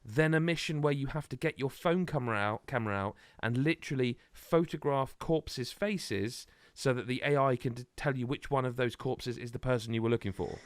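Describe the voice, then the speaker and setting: Man, podcast chat, rambling, animated, dry close mic. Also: medium pitch, fairly quick, hardly any pauses, dry recording. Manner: rambling, animated, many restarts. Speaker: podcast co-host. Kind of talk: casual chat.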